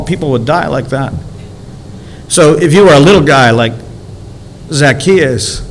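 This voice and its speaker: Higher-voiced male pastor preaching. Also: slight background noise, low-quality recording. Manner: conversational preaching with rhetorical questions, stretching out key words. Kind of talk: sermon.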